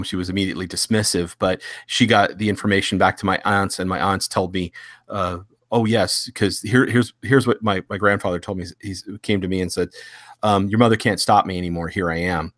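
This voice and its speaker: A man earnestly recounting a personal memory in casual talk, halting and restarting often. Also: sits low, steady tone, a bit bright, no echo, studio quality.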